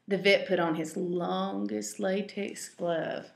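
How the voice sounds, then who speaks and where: A woman reading a picture book aloud to children, with animated, sing-song delivery and direct questions to her young listeners. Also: mid-range voice, slow, gravelly. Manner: animated, gasping, sing-song, talks straight to kids. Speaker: storyteller host. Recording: roomy echo.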